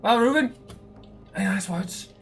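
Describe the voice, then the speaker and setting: A man's voice: high-pitched, moderate pace, fairly bright tone, voice pushed up. A man voicing a cruel male pirate captain who sneers and taunts his captive. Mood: taunting. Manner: sneering, mocking threats.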